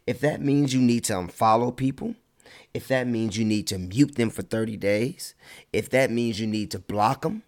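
A man giving a casual motivational talk, animated, stretching words for emphasis and mocking his critics. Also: medium pitch, moderate pace.

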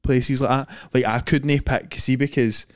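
A man's voice: medium pitch, steady tone, a little slow, no echo, clean studio sound. A young man with a Scottish accent co-hosting a casual podcast, talking in a rambling, laid-back way full of local slang. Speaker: podcast co-host. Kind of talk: casual chat.

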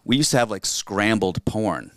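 A man's voice: fairly low pitch, lively intonation, normal speed, fairly bright tone, no room sound. Man, middle-aged comic, casual rambling chat, lots of swearing, dry close sound. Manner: swears freely, rambling, laughs often. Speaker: stand-up comedian, podcast co-host.

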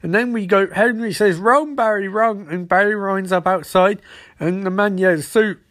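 High-voiced man in a sarcastic recap. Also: steady tone, a bit bright. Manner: rambling, sarcastic, quick asides. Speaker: show host recapping an episode. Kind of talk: casual recap chat.

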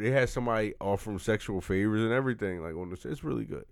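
A man co-hosting a casual chat, talking in an animated way and slipping into quick impressions. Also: on the low side, gravelly, dry recording, studio quality. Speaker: podcast co-host.

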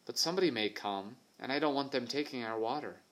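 A man voicing a bold, resourceful young girl who talks in a brisk, practical, commanding way. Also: medium pitch, fairly bright tone, natural voice. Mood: firm.

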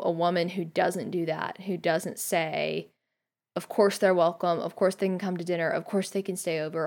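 A woman guest-hosting a podcast, talking thoughtfully and earnestly about a book, pausing often with "um". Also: lowish voice. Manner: earnest, thoughtful, frequent hesitations with um. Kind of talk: casual reflective commentary on a book.

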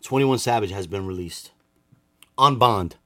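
A man co-hosting a casual podcast, ribbing his partner with deadpan jabs and bits of Spanish slang. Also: lowish voice, unhurried, no room sound, clean studio sound. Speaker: podcast co-host.

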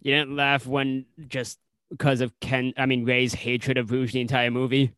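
Male co-host, mid pitch, lively recapper, dry recording. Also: normal speed, smooth, dry recording. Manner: animated, laughing storyteller. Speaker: podcast co-host. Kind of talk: casual movie review chat.

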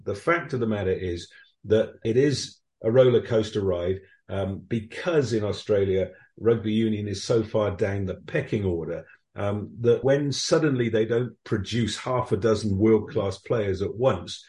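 Mellow-voiced man recalling rugby moments. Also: lowish voice, animated, a little slow, reverberant. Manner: reflective, anecdotal, many ums and restarts. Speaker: rugby correspondent. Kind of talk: podcast interview answers.

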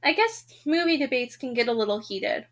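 A woman's voice: a little high, lively intonation, a little fast, a bit bright, voice pushed down. A woman voicing a shy, earnest teenage boy who speaks hesitantly and apologetically. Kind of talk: audiobook-style reading aloud.

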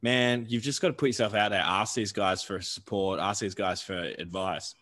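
A man hosting a podcast, relaxed and encouraging in casual chat. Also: fairly low pitch, moderate pace. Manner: relaxed, encouraging, laid-back. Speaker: podcast host.

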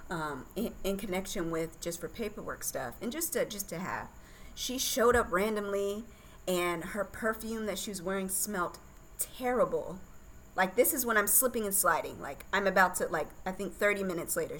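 A woman's voice: mid-range voice, expressive, normal speed, fairly bright tone, slight background noise, rough recording. A woman guest on a podcast telling her birth story in a candid, chatty way, laughing often.

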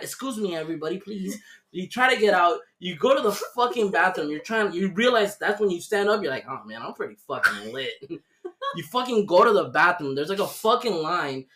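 A man's voice: high-pitched, expressive, fairly quick, a bit bright. A man hosting a podcast, ranting through a story with heavy swearing and acted-out voices. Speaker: podcast host. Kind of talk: casual storytelling rant.

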